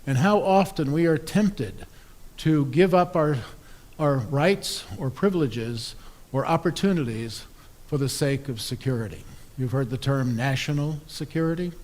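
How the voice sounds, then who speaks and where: A man's voice: fairly high pitch, a little slow, darkish tone. A man, an Episcopal priest, preaching a sermon in a conversational, wry storytelling way.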